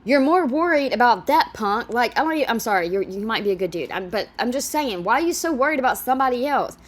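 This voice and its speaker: A woman's voice: fairly high pitch, expressive, fast talker. A woman giving casual reaction commentary on a video, exasperated, profane and rambling.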